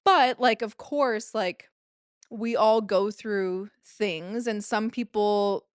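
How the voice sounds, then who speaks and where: A woman's voice: medium pitch, slow, smooth, no echo, clean studio sound. A woman in her late twenties hosting a solo podcast, talking in a rambling, confessional way, full of filler words and casual swearing. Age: late 20s. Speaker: podcast host.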